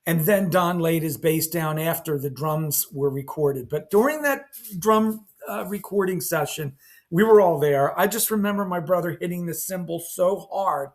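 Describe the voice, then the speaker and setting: An older man sits and talks casually about his band's past, voice a touch higher than most men's. He rambles from one anecdote to the next and acts out the sounds as he goes. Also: moderate pace. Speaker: band guitarist. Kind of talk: casual storytelling to camera. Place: seated in a chair indoors.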